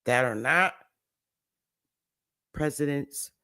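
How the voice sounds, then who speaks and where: A man speaking on a livestream in a slow, emphatic way, repeating his key words. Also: medium pitch, bright, forceful tone, clean tone, dry recording. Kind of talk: livestream talk.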